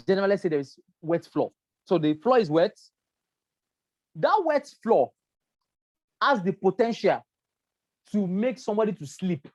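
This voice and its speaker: Her mid-range voice is a little mellow, and the recording is dry and muffled. She's a Nigerian-accented safety trainer giving a slide-based workplace lecture, repeating points step by step and checking in with "right?" often.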